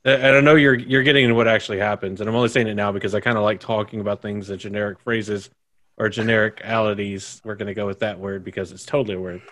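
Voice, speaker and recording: Jokey man with quick asides. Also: on the low side, steady tone, a bit bright. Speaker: podcast co-host. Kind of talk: casual chat.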